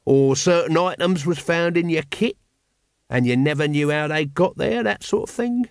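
A man's voice: on the high side, expressive, moderate pace, no room sound, studio quality, voice pushed up. A man voicing a cynical, scruffy small corporal who wheedles out of the corner of his mouth. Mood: insinuating.

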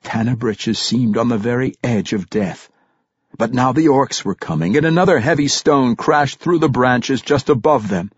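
A man narrating a fantasy audiobook with a dramatic, expressive reading. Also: mid-range voice, moderate pace, husky, no room sound, highs cut off.

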